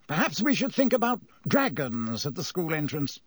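A man's voice: on the high side, sing-song, moderate pace, fairly bright tone, breathy edge, no echo, clean studio sound, pitched above the performer's own voice, full character voice. A man doing a blustering, flustered official. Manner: blustering and barking. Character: flustered, pompous male government minister.

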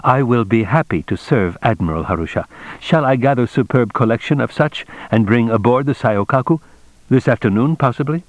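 A man's voice: medium pitch, lively intonation, slow pace, no room sound, voice pushed up. A man reading an audiobook, voicing an anxious, eager-to-please male antique dealer with clipped, fawning speech.

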